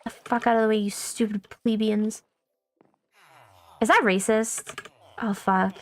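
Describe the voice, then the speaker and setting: This young woman is a VTuber rambling through a casual gaming stream, swearing freely and making fun of herself. Her voice is fairly high, her tone steady and her pace a little slow, with faint music playing underneath.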